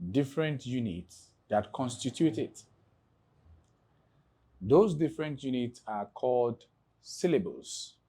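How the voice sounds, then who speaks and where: A man from Nigeria teaching an exam prep English lesson, explaining slowly and spelling words out letter by letter. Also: mid-range voice, warm tone. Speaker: English tutor.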